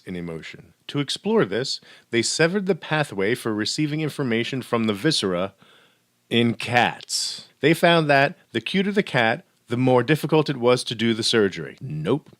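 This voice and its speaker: A man giving a recorded psychology lecture in a mid-range voice, dropping in playful asides and deadpan jokes. The sound is dry and close, with no room echo. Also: mid-range voice.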